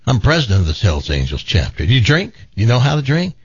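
A man's voice: medium pitch, wildly swooping pitch, fast, slightly rough, no room sound, highs cut off, full character voice. A man playing a blunt biker gang president who challenges an old woman, in a joke told on a radio show. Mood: challenging.

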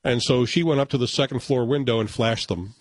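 A man's voice: medium pitch, fairly quick, dry recording. An older man hosting a radio show, telling stories in casual banter and chuckling as he puts on voices for callers. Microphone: studio microphone.

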